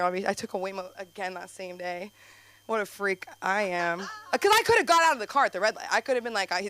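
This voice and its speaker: A woman's voice: medium pitch, fairly bright tone. A woman doing a rambling, profane, self-mocking stand-up set at an open mic. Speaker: stand-up comic. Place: comedy club stage.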